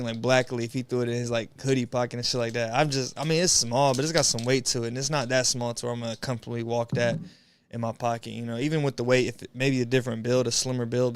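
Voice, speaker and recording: Greeting viewers along the way, a young man chats on a livestream in a laid-back, rambling manner, full of slang and frequent swearing. His streamer voice is medium-pitched with a clean tone.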